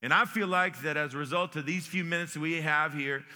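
A man's voice: on the high side, steady tone, a little fast, bright, forceful tone, in a large hall. A man preaching a sermon in a church, folksy and joking in manner, with many restarts. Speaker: pastor. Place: church sanctuary.

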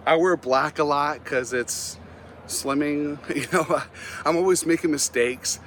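A middle-aged man with a slightly higher voice tells funny stories from his own life as a Christian motivational speaker. He is animated and self-mocking and often laughs at himself. A faint noise sits under his voice. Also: measured pace. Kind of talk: humorous storytelling talk.

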